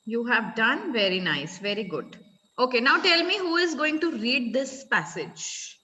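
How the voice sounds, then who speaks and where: High, bright Indian woman teacher. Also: expressive, unhurried, big-room sound, a little hiss or hum, rough recording. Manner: firm, repeats commands to quiet the class. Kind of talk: online class teaching. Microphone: video call.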